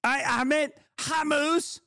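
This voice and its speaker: A man putting on a high, strained voice to mock a smug know-it-all with exaggerated sarcasm. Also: fairly even intonation, slow, gravelly, pushed and bright, dry recording, studio quality, full character voice.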